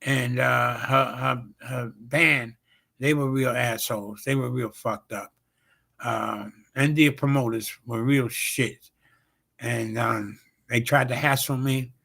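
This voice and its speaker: A man hosts his own talk show and tells a long, rambling story as a comedian would. His voice has a rough, gravelly edge and a forceful, bright push. He swears freely and fills his talk with uhs and repeated sound effects. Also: medium pitch, fairly even intonation, takes it slowly. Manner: rambling and profane, heavy on fillers and repeated "bam, bam". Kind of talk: casual storytelling on a livestream show.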